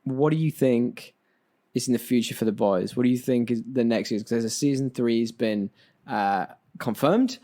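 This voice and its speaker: A man's voice: mid-range voice, moderate pace, warm tone. Enthusiastic man co-hosting a podcast. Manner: enthusiastic, steers the conversation. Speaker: podcast co-host. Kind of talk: casual chat.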